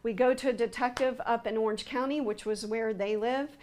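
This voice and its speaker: Higher-voiced woman, halting and earnest. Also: fairly even intonation, darkish tone. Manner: halting, with frequent fillers and restarts. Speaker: interviewee. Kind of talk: personal account in an interview.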